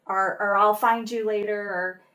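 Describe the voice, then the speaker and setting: A middle-aged woman and actress chatting as an interview guest, telling stories in a bubbly, animated way. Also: mid-range voice, moderate pace. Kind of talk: casual interview chat.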